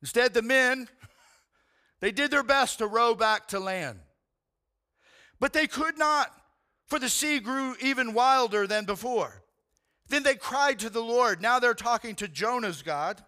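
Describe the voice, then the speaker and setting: Preaching a sermon, this male pastor has a piercing, high and bright voice and speaks a bit slowly with frequent pauses. His storytelling is animated and full of casual slang, and he keeps calling the crowd "man."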